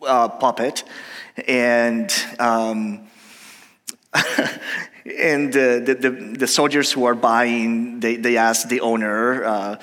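A male pastor preaching a sermon in a halting, conversational way, full of pauses and restarts. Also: medium pitch, fairly even intonation, fairly bright tone, big-room sound. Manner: hesitant, many fillers and restarts.

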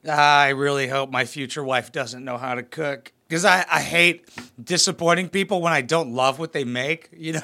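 A young man giving crude, mocking comedic commentary on reality TV clips. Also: on the high side. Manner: mocking, profane, animated. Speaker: reaction commentator.

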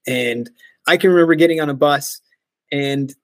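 Podcast guest, American man, 40s, upbeat storyteller, quick to laugh, higher voice, dry close mic. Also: no room sound. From United States. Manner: animated, laughs often, mimics voices in his stories. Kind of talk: casual storytelling interview.

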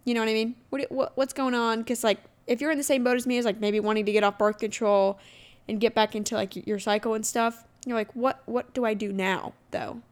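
A young woman in her twenties talks straight to her listeners in a relaxed, candid podcast chat, her voice sitting a little high. She keeps up a chatty storytelling flow and slips into lively voices when she quotes herself and others. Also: quick pace, smooth. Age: 20s. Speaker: podcast host. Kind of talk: casual solo podcast chat.

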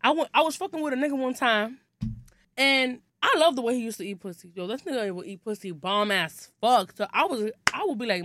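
A young woman from the New York area holds forth as a podcast guest, brash and crude. Her voice sits high and bright and swings widely in pitch. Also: expressive, fairly quick. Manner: brash, crude and boastful, acts out her own lines. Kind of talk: explicit casual chat.

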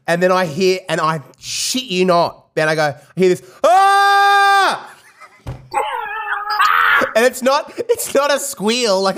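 A man hosting a casual podcast, telling animated stories and acting out loud shrieks. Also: high voice. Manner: lively storyteller who acts out shrieks. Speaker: podcast host. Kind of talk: casual chat.

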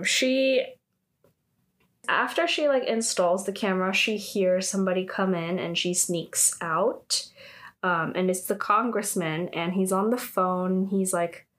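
Brief: young woman, casual drama-recap vlogger, mid-pitched, talkative, reacts with bursts of amusement. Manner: chatty, heavy use of "like", animated reactions. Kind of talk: casual retelling of a drama episode.

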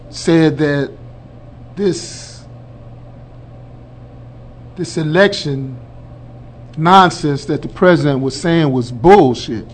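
A man hosting a radio show, delivering a colloquial, emphatic political commentary monologue that builds to loud declarations and addresses listeners as folks. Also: fairly high pitch, slight background noise.

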